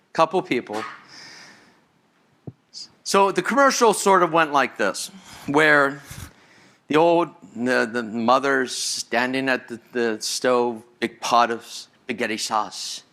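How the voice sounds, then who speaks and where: A man's voice: mid-range voice, sharp tone. A man giving a live conference talk as a senior engineer, enthusiastic and conversational, often repeating and restarting words. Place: conference hall with audience.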